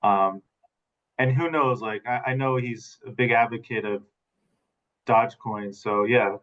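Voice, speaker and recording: A man's voice: medium pitch, measured pace, muffled recording. A man speaking as a webinar panelist over a video call, casual and loose, trailing off into hedges and asides.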